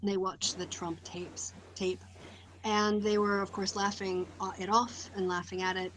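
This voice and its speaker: A woman's voice: mid-range voice, little pitch movement, measured pace, slight background noise, rough recording. A woman hosting a casual online discussion, talking in a thoughtful, speculative way with many fillers over a video call. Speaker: host.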